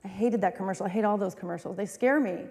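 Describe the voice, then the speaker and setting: A woman's voice: medium pitch, fast, darkish tone. A woman pastor preaching a sermon, talking in a candid, conversational way with self-deprecating asides. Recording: long reverb of a large hall.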